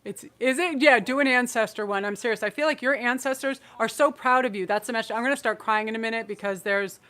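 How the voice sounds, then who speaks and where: A woman's voice: fairly high pitch, fast, bright, forceful tone. Effusive woman giving a live tarot reading. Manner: effusive and emotional, rambling with restarts. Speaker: tarot reader and channel host. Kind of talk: live-streamed psychic reading.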